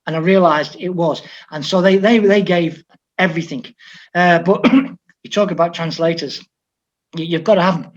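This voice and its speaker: A man from England, a football coach, telling stories in an interview and acting out the dialogue of the people in them. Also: fairly high pitch. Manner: lively storyteller who quotes others in dialogue. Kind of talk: conversational anecdote telling. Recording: slightly dull lo-fi audio.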